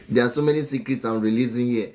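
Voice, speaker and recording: A man's voice: medium pitch, darkish tone, slight background noise. A man teaching about marriage on a live stream in a preachy way. He repeats phrases and chuckles often between remarks. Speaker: relationship teacher and author.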